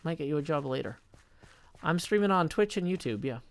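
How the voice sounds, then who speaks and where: A man chatting casually on a live stream, reading viewer messages aloud and thinking out loud as he goes. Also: a little high, expressive, a little fast.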